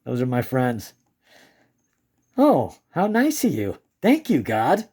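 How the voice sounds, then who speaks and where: A man's voice: fairly high pitch, wildly swooping pitch, slow pace, long pauses, darkish tone, husky. A man casually narrating his own footage in a rambling way with restarts, often breaking into giggles. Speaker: amateur moon filmer. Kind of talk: casual excited commentary.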